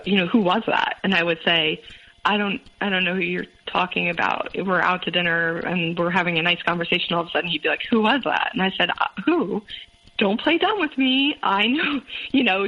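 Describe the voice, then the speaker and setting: Woman guest, 30s, low-ish voice, halting and full of fillers, dull phone-line sound. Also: bright, forceful tone. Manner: halting, many fillers and restarts, quotes others in voices. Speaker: interview guest. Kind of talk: candid personal storytelling. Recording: muffled phone-line audio.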